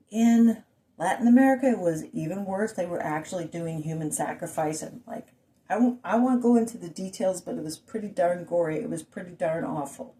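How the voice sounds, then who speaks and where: A woman's voice: on the low side, mellow. A woman ranting to her viewers in a rambling monologue full of rhetorical questions and asides. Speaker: vlogger.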